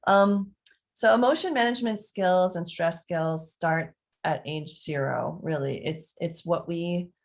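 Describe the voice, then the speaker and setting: A middle-aged woman who works as a parenting coach answers parents' questions in a lowish, unhurried, gravelly voice. She acts out calming scenes as examples and speaks with lots of fillers and restarts.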